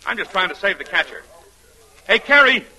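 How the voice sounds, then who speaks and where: A gruff sarcastic baseball manager. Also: male voice, sits high, very animated, normal speed, sharp tone, heavily acted, poor audio. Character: gruff middle-aged male baseball manager. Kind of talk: 1940s radio acting. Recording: old radio broadcast with music.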